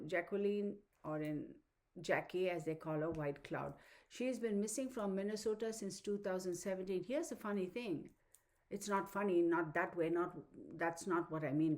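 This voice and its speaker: A woman's voice: mid-range voice, darkish tone. A woman tarot reader, talking casually and rambling to her viewers. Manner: rambling, chatty, addresses viewers as y'all. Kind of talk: casual talk to camera.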